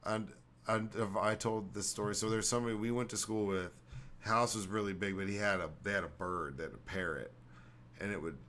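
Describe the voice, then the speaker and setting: A man's voice: fairly low pitch, fairly even intonation, brisk, a bit bright, a little hiss or hum. A man hosting a casual podcast, telling rambling stories full of swearing. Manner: rambling, profane, storytelling. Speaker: podcast host.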